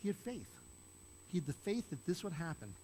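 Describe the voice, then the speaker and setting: Older man preaching, fairly high voice. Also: very animated, fairly quick, warm tone, slight background noise, poor audio. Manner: conversational, asks the listeners questions; acts out quoted lines in a raised voice. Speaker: pastor. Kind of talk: sermon.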